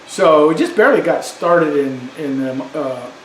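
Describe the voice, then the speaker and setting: Brief: older male storyteller, rambling, fairly high voice, echoey room with faint hiss. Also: expressive, unhurried. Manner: rambling, many fillers and restarts. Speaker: vlogger. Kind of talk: casual storytelling monologue. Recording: roomy echo with faint background noise.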